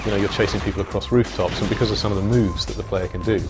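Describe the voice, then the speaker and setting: A man's voice: fairly low pitch, steady tone, very fast, over music. A man game developer explaining features in a matter-of-fact interview. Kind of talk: interview answers.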